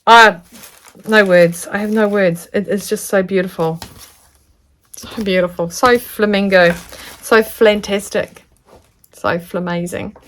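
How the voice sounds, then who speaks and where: A woman, chatting casually to camera as she unboxes a gift of fabric, gushing and sometimes dropping into soft whispers. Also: medium pitch, fairly even intonation, measured pace. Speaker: sewing vlogger.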